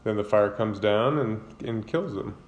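A man's voice: fairly low pitch, a little slow, highs cut off, slight background noise. A man casually retelling a Bible book in his own words, with fillers and self-corrections. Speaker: Bible reader retelling scripture. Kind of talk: casual Bible summary and commentary.

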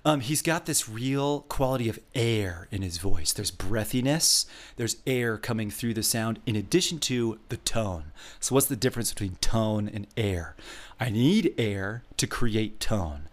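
A man co-hosting a casual podcast gives a voice lesson, patiently explaining vocal technique and demonstrating it. He speaks with a low-ish voice at a measured pace.

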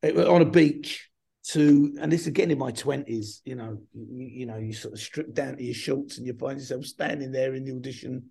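A man's voice: mid-range voice, brisk, gravelly, mellow, slight background noise. A middle-aged man, a film director guest, talking in a rambling, hesitant way. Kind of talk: casual interview chat.

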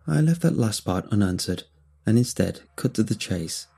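A man narrating a first-person horror story in a measured, grave telling. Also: lowish voice, lively intonation, gravelly, warm tone, husky.

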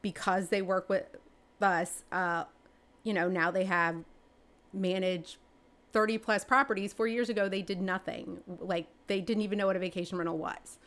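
A woman, answering interview questions in a chatty way, with many fillers and restarts, her pitch jumping up when she gets excited. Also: normal speed. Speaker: real estate agent and team leader.

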